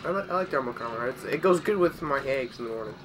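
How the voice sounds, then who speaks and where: A man hosting a casual gaming session, excitable and teasing, laughing often. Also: medium pitch, fast talker, over music. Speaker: gamer and channel host. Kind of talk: casual chat while gaming.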